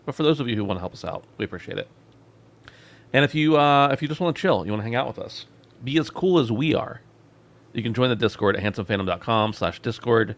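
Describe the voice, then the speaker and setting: A man's voice: mid-range voice, expressive, fast talker, vocal fry. A man hosting a gaming podcast, chatting casually and joking around as he runs the show. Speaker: podcast host.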